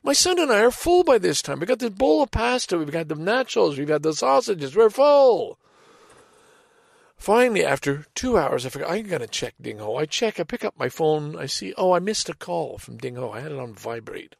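A middle-aged man telling a casual personal anecdote in a rambling, halting way, with sighs and restarts. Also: a little high, very animated, gravelly, no room sound, studio quality. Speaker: storyteller.

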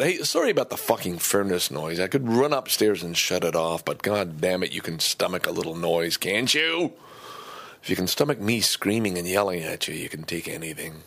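A man's voice: low voice, expressive, moderate pace, vocal fry, fairly bright tone. An older man hosting a podcast from his home basement, talking in a rambling, profane, worked-up way. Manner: ranting, profane, easily worked up. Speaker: podcast host. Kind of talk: casual rambling monologue.

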